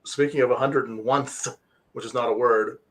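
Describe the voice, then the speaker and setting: Man hosting an online show, English as second language, joking, rambling, mid pitch. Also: fairly even intonation, fairly quick, fairly bright tone. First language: not English. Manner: joking, rambling, self-deprecating. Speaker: talk show host. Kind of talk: casual interview chat. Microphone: video call.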